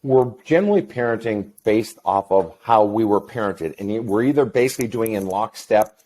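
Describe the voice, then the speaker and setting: A middle-aged man, a counselor talking as an interview guest, telling a story in a blunt, profane and animated way. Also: lowish voice, moderate pace. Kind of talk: casual interview chat.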